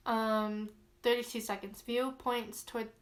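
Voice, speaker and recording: A woman with a slightly raised pitch reads a creepy log aloud in a loose, casual way. She is chatty and easily spooked, and she fills her pauses with ums. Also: little pitch movement. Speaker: vlogger.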